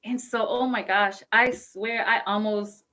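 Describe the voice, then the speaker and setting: A woman's voice: medium pitch, fairly even intonation, measured pace, bright, forceful tone. A young adult woman guest speaker telling her story in a casual live-show chat, earnest and heartfelt, with many "you know" fillers.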